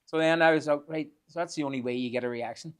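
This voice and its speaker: A man's voice: fairly high pitch, quick pace, clear, resonant tone. Swearing storyteller man. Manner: swears freely, animated anecdotes. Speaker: podcast guest. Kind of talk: casual storytelling chat.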